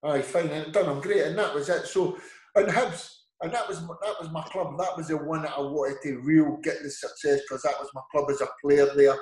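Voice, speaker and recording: A man's voice: a little high, steady tone, fairly quick, a little mellow. A middle-aged man with an Edinburgh Scottish accent, a football manager telling rambling anecdotes as an interview guest, acting out the dialogue. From Scotland. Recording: echoey room.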